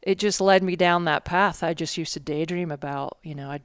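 A woman's voice: fairly low pitch, brisk, clean tone, no room sound, clean studio sound. A woman with an English accent, a former racer telling her story as a guest in a casual interview, rambling with restarts and fillers. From England. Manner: rambling, self-correcting storyteller with frequent fillers. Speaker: guest, former World Cup mountain bike racer.

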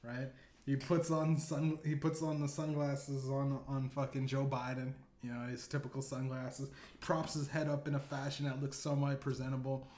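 A man's voice: mid-range voice, little pitch movement, moderate pace, a little mellow. A man hosting a podcast, telling a rambling comedic story full of profanity and asides. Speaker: podcast host. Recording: echoey room.

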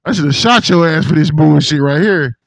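Animated, profane man telling stories. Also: a little high, creaky, dry recording. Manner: animated, profane storytelling with put-on quotes. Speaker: podcast host. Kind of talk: casual chat.

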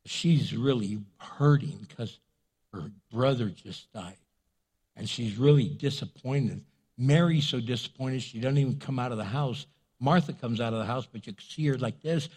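A man pastor preaching a sermon in an animated, jokey way. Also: on the high side, unhurried.

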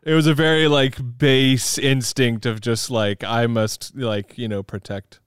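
A man co-hosting a casual movie discussion podcast, talking in a thoughtful, halting way with frequent ums. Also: medium pitch, fairly even intonation, clear, resonant tone, no room sound, clean studio sound. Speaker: podcast co-host.

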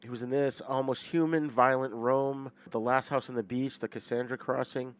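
A man's voice: mid-range voice, fairly even intonation, normal speed, dull audio. A man co-hosting a podcast, talking casually about films and listing titles, with some filler words. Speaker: podcast co-host. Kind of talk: casual film discussion.

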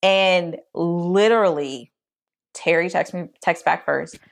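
Lively woman telling a story. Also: takes it slowly, gravelly. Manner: animated, acts out quotes in a high voice. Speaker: podcast co-host. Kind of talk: casual storytelling chat.

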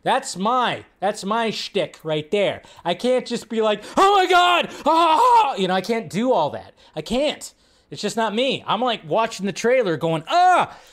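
High-voiced man ranting on a live show. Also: moderate pace. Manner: chatty, rambling, filler-heavy; animated, pitch jumps up when making a point. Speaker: host of a live film news show. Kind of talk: casual live-stream rant.

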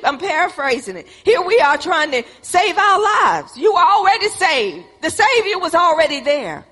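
Woman preacher, high and bright, emphatic repetitive delivery, long hall reverb. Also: sing-song, moderate pace, few pauses. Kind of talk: sermon.

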